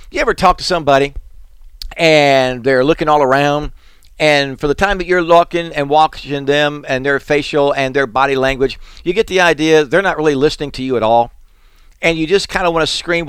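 Man preaching in a smooth, dry voice. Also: fairly high pitch, fairly bright tone, no echo. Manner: preaching with sudden raised, pleading outbursts; reads scripture slowly and deliberately. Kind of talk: sermon.

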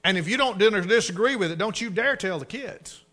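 Preacher man, kinda high voice, goes quiet then loud, sharp edge. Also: animated, brisk. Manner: preaching, swinging from hushed asides to loud emphatic bursts. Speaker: pastor. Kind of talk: sermon.

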